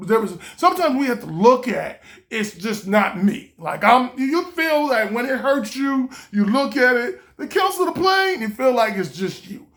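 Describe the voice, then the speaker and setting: Rambling animated man telling a story. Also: high voice, vocal fry. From Los Angeles area. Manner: animated, jumps into loud excited quoted voices; rambling, keeps saying "you know". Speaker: vlogger. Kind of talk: casual storytelling.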